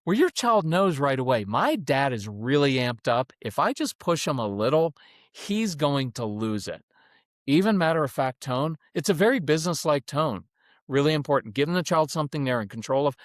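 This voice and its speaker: A man's voice: on the high side, normal speed, dry recording, studio quality. A middle-aged man speaking as a parenting coach guest in a podcast interview, telling stories and acting out quoted voices, then explaining his advice matter-of-factly. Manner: animated storyteller who acts out quoted voices; matter-of-fact coaching delivery.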